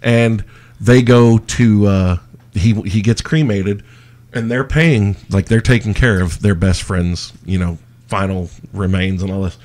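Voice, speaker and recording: A man's voice: on the low side, measured pace, a little mellow. A man hosting a podcast in casual chat, swearing freely and rambling as he tells stories. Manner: profane, rambling storyteller. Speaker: podcast host.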